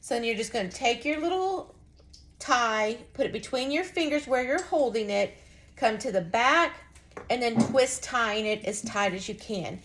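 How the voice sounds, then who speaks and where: A woman's voice: fairly high pitch, normal speed, fairly bright tone, slight background noise. A woman giving a casual, folksy craft lesson, chatting to viewers as she demonstrates. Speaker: craft instructor.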